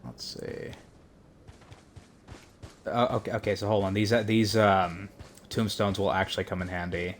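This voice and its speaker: A man giving casual commentary while streaming a video game, halting and swearing at enemies. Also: on the low side, little pitch movement, slight background noise.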